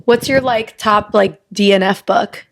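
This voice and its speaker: A woman's voice: medium pitch, steady tone, a little slow, gravelly. A woman co-hosting a podcast, playful and giggly, cracking jokes in casual chat. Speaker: podcast co-host.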